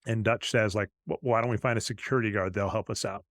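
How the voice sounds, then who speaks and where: A fast-talking podcast co-host with a fairly low, slightly bright voice and fairly even intonation is heard with no echo. He casually retells scenes from a film, quoting lines from its characters.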